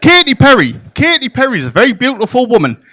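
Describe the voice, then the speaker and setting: A man performs stand-up on a comedy club stage, bawdy and playful, throwing deadpan asides at the crowd. His voice sits high and swings widely in pitch as he talks. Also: fast talker.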